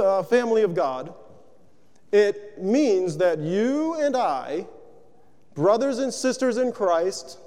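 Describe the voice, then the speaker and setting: A preacher with a high, mellow voice gives a sermon to his congregation, conversational and animated, firing off one rhetorical question after another. The long reverb of a hall carries his words.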